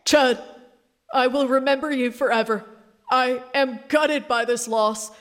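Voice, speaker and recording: A woman's voice: high voice, fairly even intonation, unhurried. A woman playing a crass male radio shock-jock who gives a mock-solemn, overdramatic eulogy in a radio sketch.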